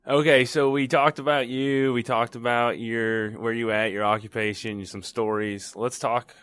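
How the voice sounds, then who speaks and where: A man's voice: mid-range voice, little pitch movement, moderate pace, fairly bright tone, clean tone, faint music behind. A man hosting a podcast, asking questions in an easygoing, casual way. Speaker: podcast host. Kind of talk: casual interview chat.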